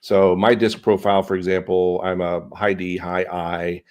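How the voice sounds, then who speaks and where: A man's voice: deep voice, moderate pace. A middle-aged man, a CEO coach, talking expressively as a guest in a business podcast interview. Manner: animated, expressive inflection.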